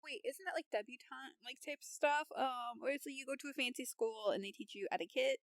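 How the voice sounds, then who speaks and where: A young woman co-hosting a book club, chiming in with quick, excitable reactions. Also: high-pitched, dry recording, studio quality. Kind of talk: casual chat.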